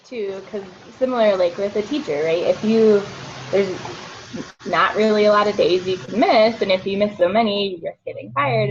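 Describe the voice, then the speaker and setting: A woman in her thirties talks casually and rambles, peppering her speech with likes and ums, sounding like a therapist chatting with a group. Her pitch is medium, there's slight background noise, and the audio is dull and lo-fi, like a video call.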